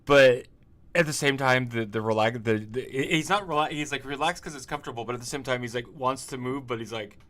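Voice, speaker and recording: A man's voice: medium pitch, brisk, a bit bright. A man chatting casually on a livestream as an indie game developer, rambling, laughing often and restarting his sentences.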